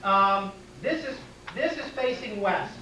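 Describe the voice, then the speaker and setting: A man's voice: high voice, lively intonation, takes it slowly, sharp tone, far from the mic. A man giving a classroom lecture and answering questions from the audience in a plain, direct way. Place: lecture room. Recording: echoey room taped from afar, faint hiss.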